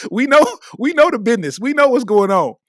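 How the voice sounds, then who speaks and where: A man from Kentucky runs a podcast alone, working through a comedic rant. His voice sits high and swings wildly up and down as he preaches his points and breaks into laughter. The sound is dry and close to the mic. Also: sing-song, fairly quick, no room sound. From Lexington, Kentucky. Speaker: podcast host.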